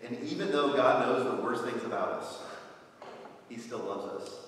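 A man's voice: medium pitch, moderate pace, fairly bright tone. A man preaching as pastor, telling a playful story in a conversational way with light laughs, in a church sanctuary. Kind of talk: sermon. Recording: distant, echoey church hall.

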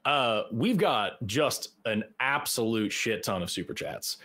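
A man's voice: on the low side, lively intonation, pushed and bright. Chatty male co-host of a call-in show. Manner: loose and chatty, quick laughs and self-mocking asides. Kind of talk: casual call-in show talk.

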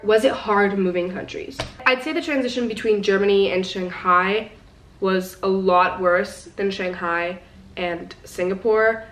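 A woman's voice: medium pitch, a bit bright, a little hiss or hum. Chatty teenage girl in a roomy space. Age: teens. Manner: chatty and rambling, lots of fillers. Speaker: vlogger. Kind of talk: casual vlog chat to viewers. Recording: roomy sound, some distance from the mic.

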